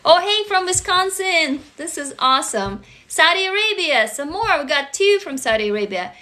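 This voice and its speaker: A woman from Russia, hosting a casual livestream chat, gushing and excitable, swearing freely. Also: very high voice, moderate pace. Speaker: livestream host.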